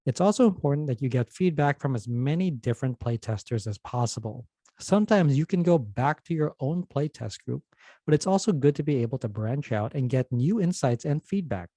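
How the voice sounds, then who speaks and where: Mellow-voiced man hosting a lesson podcast. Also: mid-range voice, no room sound. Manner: steady, instructive delivery. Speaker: podcast host. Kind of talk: scripted educational narration.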